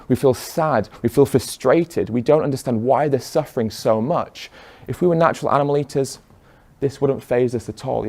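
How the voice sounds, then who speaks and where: An earnest man addresses a live audience in a room, firing off rhetorical questions. His voice sits at an ordinary middle pitch, steady and persuasive. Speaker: speaker.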